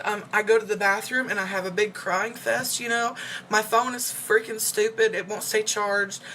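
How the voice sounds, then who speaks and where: A woman's voice: medium pitch, sharp tone, slight background noise. A young woman telling an emotional, rambling story in a casual vlog check-in, full of fillers. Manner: emotional and upset. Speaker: vlogger. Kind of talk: casual personal check-in video.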